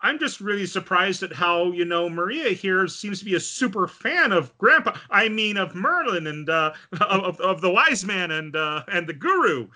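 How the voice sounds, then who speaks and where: A man's voice: high-pitched, very animated, moderate pace, hardly any pauses, bright, forceful tone, pitched above the performer's own voice, exaggerated voice. A man voicing a polite young male hero who is apologetic and stammering. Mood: flustered.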